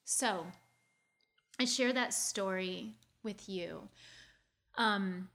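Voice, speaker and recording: A woman sharing a painful childhood story with her audience in an earnest, confiding way, talking quickly and restarting her phrases as she speaks. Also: mid-range voice, fairly bright tone. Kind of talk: heartfelt personal storytelling.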